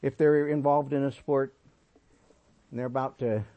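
A man in his sixties preaching a sermon, telling folksy stories and swinging between emphatic points and soft asides. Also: medium pitch, level tone, moderate pace, muffled recording. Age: 60s. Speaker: pastor.

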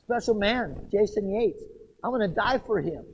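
A man preaching a sermon, asking emphatic rhetorical questions and swinging between loud outbursts and hushed passages. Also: sits high, expressive, moderate pace, lo-fi sound, slight background noise. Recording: long hall reverb.

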